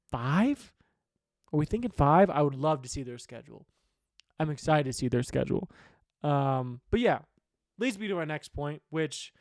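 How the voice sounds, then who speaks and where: A man's voice: fairly high pitch, a little mellow, no echo, studio quality. A man hosting a sports podcast, talking football news in a rambling, opinionated way and swearing casually. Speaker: sports betting podcast host.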